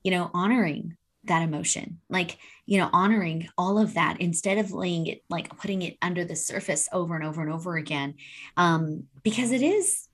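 A woman's voice: lowish voice, brisk, a bit bright. A woman in casual conversation, affirming and reflective, swearing casually as she talks. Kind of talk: casual chat.

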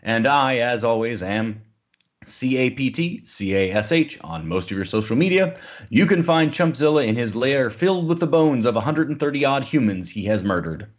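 A man's voice: medium pitch, lively intonation, normal speed. A man hosting a podcast in casual chat, playful and theatrical in his introductions. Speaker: podcast host. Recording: dull lo-fi podcast audio.

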